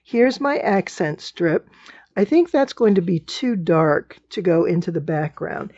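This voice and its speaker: A woman's voice: on the low side, expressive, a little slow, dark tone, no echo, dull audio. Chatty woman teaching quilting. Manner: chatty, thinking aloud while sorting fabric. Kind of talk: casual tutorial narration.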